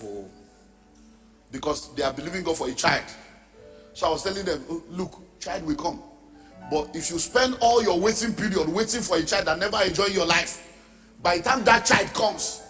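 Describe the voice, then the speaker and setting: A man's voice: high-pitched, fairly quick, bright, forceful tone, long reverb tail, faint music behind. A middle-aged Nigerian man preaching a sermon as pastor, emphatic, dropping into pidgin asides and mimicking the people he talks about.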